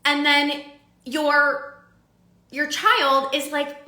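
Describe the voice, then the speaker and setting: A woman's voice: high-pitched, lively intonation, a little slow, bright, forceful tone, echoey room. A young woman coaching her audience in a casual live-streamed talk, chatty with filler likes and everyday analogies. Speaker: binge eating coach.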